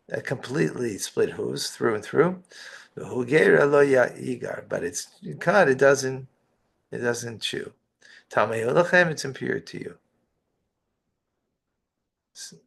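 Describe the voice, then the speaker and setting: A rabbi works through a Torah text phrase by phrase, reading the Hebrew and explaining it in English with asides and rhetorical questions. His mid-range voice is gravelly and husky, expressive and slow, with long pauses.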